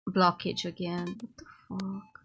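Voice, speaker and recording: A woman's voice: on the low side, little pitch movement, unhurried, a bit bright, soft background music. A woman streamer playing a game, reading its text aloud and reacting as she goes. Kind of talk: casual game commentary.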